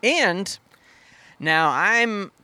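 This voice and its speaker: A man's voice: sits high, lively intonation, extremely slow, bright, forceful tone, dry recording. A man co-hosting a podcast, chatting casually and sarcastically about movies, with crude jokes. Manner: sarcastic, crude, jokey impressions. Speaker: podcast co-host.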